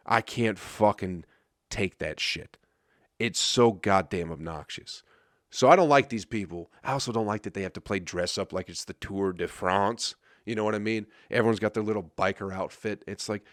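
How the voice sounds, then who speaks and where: A man's voice: on the low side, no echo, clean studio sound. A man from Michigan hosting a comedy podcast, ranting in a crude, exasperated and mocking way. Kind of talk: profane comedic rant.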